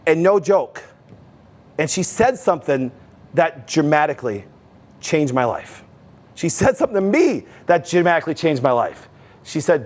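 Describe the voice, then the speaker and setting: A man hosting a health show, speaking in a slightly high voice. He tells a long story in an animated, repetitive way, stopping to talk straight to viewers as guys. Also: normal speed. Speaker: host, health practitioner.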